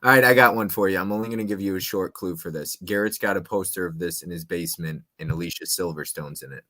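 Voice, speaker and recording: A man hosting a casual movie-trivia chat, playful and restless, his voice jumping between loud and quiet. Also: low voice, quick pace. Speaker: host.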